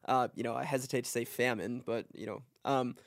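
A man's voice: mid-range voice, steady tone, a little fast, dry recording, clean studio sound. Hesitant man in casual podcast talk.

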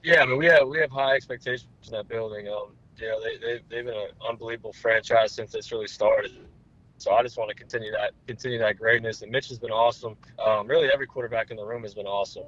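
Fast-talking young man, flat delivery. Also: lowish voice, lo-fi sound. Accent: New Jersey. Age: 20s. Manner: relaxed, repeats filler words. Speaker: guest quarterback. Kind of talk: interview answers.

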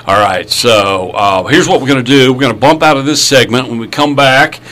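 A man's voice: medium pitch, normal speed, fairly bright tone. A man hosting a talk show, chatting casually and rambling a bit. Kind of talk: casual radio chat.

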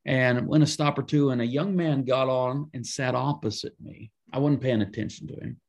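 A man, a pastor and author, telling a story in a conversational interview, with lively emphatic asides. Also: mid-range voice, moderate pace, gravelly.

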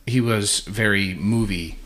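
A man's voice: on the low side, measured pace, a bit bright, slight background noise. A man chatting casually as a podcast co-host, telling stories full of profanity and acted-out quotes. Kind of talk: casual chat.

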